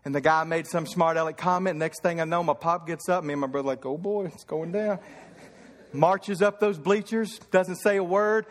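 Pastor, man, thirties, from Kentucky; fervent sermon with stories, high voice, echoing church hall. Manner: fervent preaching with storytelling.

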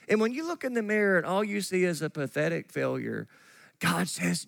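A man preaching a sermon as pastor, animated and acting out the voices of the people in his story. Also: sits high, normal speed, creaky, no echo. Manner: animated, acts out quoted voices of God and Gideon. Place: church sanctuary.

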